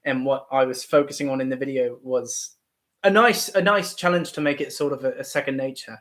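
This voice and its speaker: A young Ohio man with a Midwestern American accent hosts a casual YouTube livestream, thinking aloud and rambling with many restarts. His medium-pitched voice moves a little fast and sounds a bit bright.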